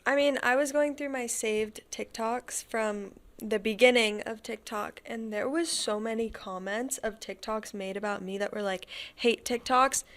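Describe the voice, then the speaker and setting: A teenage girl speaking as a podcast guest in casual chat, soft-spoken and giggly. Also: on the high side, fairly even intonation, unhurried, few pauses.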